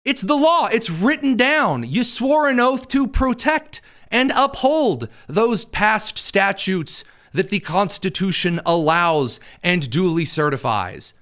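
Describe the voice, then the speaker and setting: A man's voice: high-pitched, slow, hardly any pauses. A man hosting a political commentary show, mocking and sarcastic as he reacts to clips. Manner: sarcastic and mocking, lively delivery.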